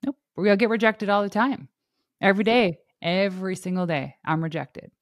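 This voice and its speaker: A woman hosting a podcast in casual interview chat, animated and laughing often as she acts out what others said. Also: medium pitch, normal speed, dry recording, clean studio sound. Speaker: podcast host.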